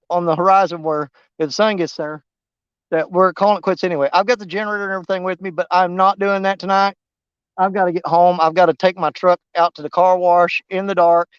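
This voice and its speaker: A high-pitched man rambles folksily to his viewers while he fishes outdoors. His voice is smooth and clear, and he sounds winded. The sound is dry and a bit dull. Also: steady tone, fairly quick, no room sound. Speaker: fishing vlogger. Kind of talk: live-stream fishing chat. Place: outdoors at a riverbank.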